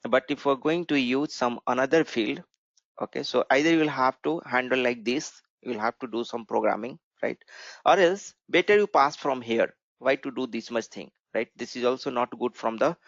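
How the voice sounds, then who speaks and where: Gravelly man teaching code. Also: medium pitch, moderate pace, dry recording. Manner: explanatory, asks "right?" often. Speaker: programming instructor. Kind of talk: screen-share coding tutorial. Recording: dull lo-fi mic.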